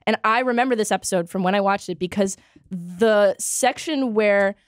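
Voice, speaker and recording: A woman's voice: mid-range voice, normal speed, no echo, clean studio sound. A young woman co-hosting a casual podcast, chatting and giggling as she recaps jokes. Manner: giggly, quotes lines in put-on voices. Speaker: podcast co-host. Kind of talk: casual chat.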